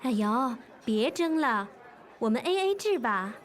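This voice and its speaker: A woman's voice: fairly high pitch, lively intonation, measured pace. A woman acting a young diner in a scripted lesson dialogue, politely insisting on paying the bill. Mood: insistent. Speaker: dialogue actor.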